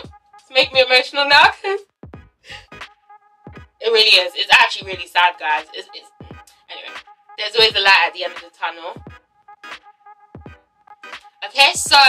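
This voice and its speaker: Young woman from Ghana, high voice, very bright tone, animated storytelling, swears a lot, faint music behind. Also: rough recording. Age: young adult. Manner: animated, swearing, addresses viewers as guys. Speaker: vlogger. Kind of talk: storytime vlog.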